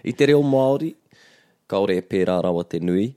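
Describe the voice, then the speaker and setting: A man hosting a bilingual language lesson, explaining in a measured way with small restarts. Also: deep voice, lively intonation, dark tone, no echo, studio quality. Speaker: te reo Māori teacher and podcast host.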